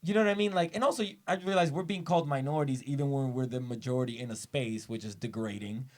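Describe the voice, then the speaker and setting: A man from the Dominican Republic hosting a casual podcast chat, telling animated stories and acting out quotes. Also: medium pitch, fast. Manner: animated storyteller, acts out quotes. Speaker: podcast host. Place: studio with cameras.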